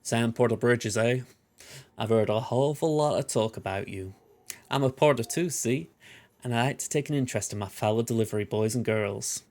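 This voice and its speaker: A man's voice: mid-range voice, moderate pace, darkish tone, close to an everyday voice. A man voicing a proud, independent veteran male delivery porter in a put-on, folksy accent, reading game dialogue. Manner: folksy, plain-spoken drawl.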